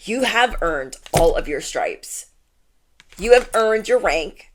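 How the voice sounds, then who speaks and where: A woman's voice: medium pitch, expressive, takes it slowly, a little hiss or hum. A woman giving a channeled tarot reading, talking casually and bluntly and repeating her points for emphasis. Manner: emphatic and repetitive, lots of "like". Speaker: tarot reader.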